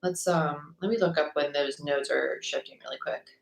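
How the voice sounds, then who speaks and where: A woman's voice: low-pitched, normal speed, vocal fry, echoey room, rough recording. A young woman chatting casually with viewers during a tarot livestream, bubbly and rambling, her voice a little worn as if she is losing it.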